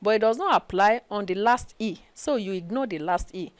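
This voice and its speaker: In this dry recording, a woman with a Nigerian English accent runs a French study-session lecture at a brisk pace, her mid-range voice clean in tone. She repeats every phrase twice and keeps asking "okay?".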